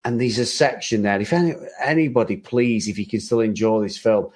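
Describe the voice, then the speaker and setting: With a lowish, somewhat dark voice and a slightly quick delivery, this man co-hosts a relaxed conversation about an old movie. His talk flows loosely, full of restarts and regular laughter.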